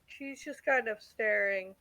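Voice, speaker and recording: Hesitant game master narrating. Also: male voice, sits high, gravelly, bright, forceful tone, rough recording. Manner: hesitant, halting narration with many fillers.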